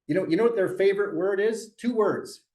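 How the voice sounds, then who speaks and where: A man leading a real estate sales meeting, telling a story in an animated coaching tone and often restarting his phrases. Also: high-pitched, fairly quick. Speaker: real estate team leader.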